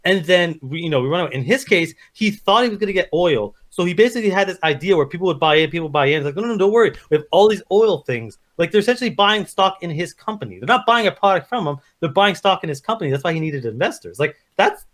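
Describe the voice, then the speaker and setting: A man co-hosting a casual movie review chat. He talks quickly and acts out characters in quick quoted bits. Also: sits high, lively intonation, fairly bright tone. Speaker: podcast co-host.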